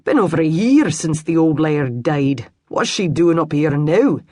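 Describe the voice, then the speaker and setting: A woman voicing a gruff older Scottish village man with a gravelly, thick brogue. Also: deep voice, lively intonation, unhurried, a little mellow, dry recording, studio quality.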